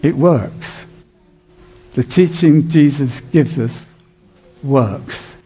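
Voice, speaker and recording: Mellow-voiced male pastor preaching. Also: medium pitch, very slow, breathy edge. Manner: conversational storytelling with plain emphasis. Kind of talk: sermon.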